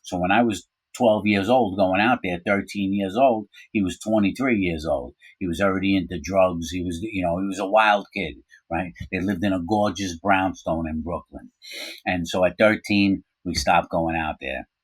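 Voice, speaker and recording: A man's voice: low-pitched, moderate pace, husky, no room sound, poor audio. A man telling a personal story in a casual, rambling way, full of asides and fillers.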